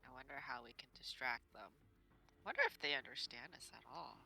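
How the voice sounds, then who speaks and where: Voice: medium pitch, lively intonation, brisk, vocal fry, pushed and bright, slightly rough, low-quality recording. A playful player speaking in a tabletop role-playing game.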